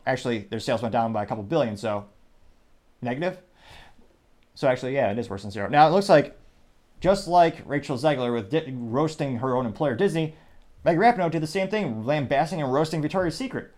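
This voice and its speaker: A man's voice: a little high, a little mellow. A man hosting a podcast, delivering an opinionated commentary monologue in a sarcastic, dismissive tone that rambles with many restarts. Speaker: podcast host.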